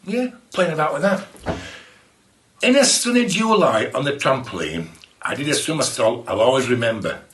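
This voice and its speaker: A man's voice: medium pitch, sing-song, moderate pace, fairly bright tone. A man running a playful poetry lesson for children, exclaiming and laughing as he shares tips. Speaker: children's poet. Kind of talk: lively poetry workshop for children. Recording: echoey room.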